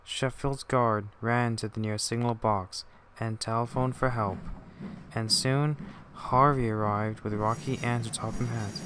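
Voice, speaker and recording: A man giving scripted storybook narration in a slow, measured way. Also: mid-range voice, steady tone, a bit bright, a little hiss or hum. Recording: music playing underneath.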